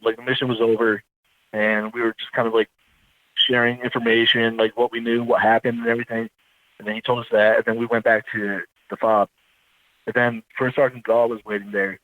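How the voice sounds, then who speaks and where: A man, an army veteran, telling his story in a casual interview, rambling and halting as he corrects himself. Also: medium pitch, dry recording, narrow, tinny audio.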